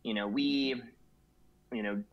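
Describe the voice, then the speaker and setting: A man's voice: medium pitch, takes it slowly. A man talking as a guest in a casual discussion, rambling and filling every phrase with "you know". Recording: slightly dull lo-fi audio.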